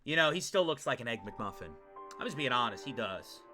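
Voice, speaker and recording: A man streaming a game, joking around in slangy, excitable commentary. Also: mid-range voice, fairly quick, soft background music. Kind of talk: casual let's-play commentary.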